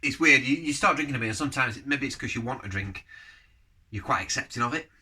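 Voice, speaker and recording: A man's voice: medium pitch, expressive, fast talker, bright, forceful tone, slightly rough. A man casually reviewing a beer on camera, rambling from one thought to the next and giving blunt verdicts. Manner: rambling, jumps between topics.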